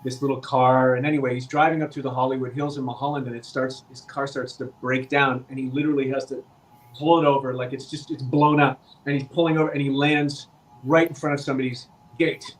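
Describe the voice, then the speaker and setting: A man's voice: mid-range voice, brisk, rough recording. A man, an actor guest on a podcast, telling a long anecdote in casual chat and acting out the quoted lines. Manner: animated anecdote teller, acts out quoted dialogue. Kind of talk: casual storytelling.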